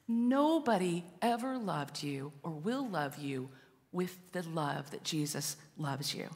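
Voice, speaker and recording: A woman pastor preaching a sermon as a story, swinging between loud passages and hushed ones, recorded in a church sanctuary. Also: sits low, animated, slow, long reverb tail.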